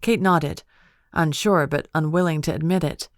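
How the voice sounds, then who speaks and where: Low-voiced woman narrating a cozy mystery. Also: normal speed, no echo, clean studio sound. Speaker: audiobook narrator. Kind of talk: scripted narration.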